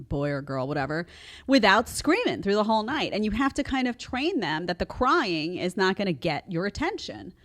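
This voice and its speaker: Lively, animated woman host. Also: fairly low pitch. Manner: animated, emphatic, chatty. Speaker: podcast host. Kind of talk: casual social commentary.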